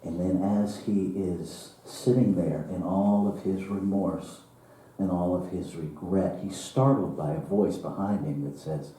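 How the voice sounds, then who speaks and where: A man preaches a sermon at an unhurried pace, telling a parable with chuckles and sudden quiet moments. His voice is dark and mellow. It echoes strongly around a large hall and sounds set back from the mic. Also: deep voice, fairly even intonation, a little hiss or hum. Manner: slow, dramatic parable telling with laughs and hushed drops. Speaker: minister. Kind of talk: sermon storytelling. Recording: roomy church hall, from far off.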